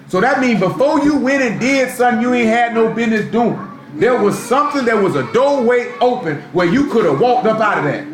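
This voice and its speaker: Guy preaching live, high voice, keeps asking you know what i'm saying, echoey room with a little noise behind. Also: a bit bright. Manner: conversational street-style preaching, frequent rhetorical questions. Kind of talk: live sermon.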